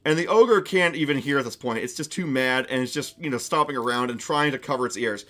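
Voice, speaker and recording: A man's voice: mid-range voice, brisk, hardly any pauses, fairly bright tone, soft background music. A man narrating a tabletop game on his stream, casual and chatty, with lots of restarts.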